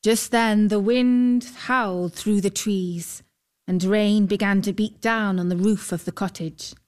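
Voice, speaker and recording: A woman reading a fairy tale aloud as narrator, calm and measured. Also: mid-range voice. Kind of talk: scripted storybook narration.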